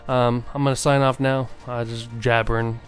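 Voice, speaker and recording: Earnest rambling man over soft music. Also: mid-range voice, little pitch movement, moderate pace. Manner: rambling, earnest, many fillers and restarts. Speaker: vlogger. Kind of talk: casual motivational monologue.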